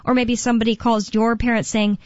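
A woman's voice: on the high side, level tone, brisk, darkish tone, no room sound. A woman hosting a talk radio show, chatting casually and rambling with fillers and laughs. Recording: dull, dry studio sound.

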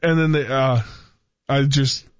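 A young man in a casual chat, telling animated stories and acting out quotes, with a lot of dude and bro. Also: mid-range voice, measured pace, no room sound. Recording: dull, muffled sound.

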